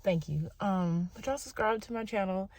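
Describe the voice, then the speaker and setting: A woman in her thirties, a cowgirl and mother, chatting to viewers in a casual vlog, excitable and calling her audience y'all. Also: mid-range voice, moderate pace. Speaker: vlogger, cowgirl. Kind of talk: casual vlog narration to camera.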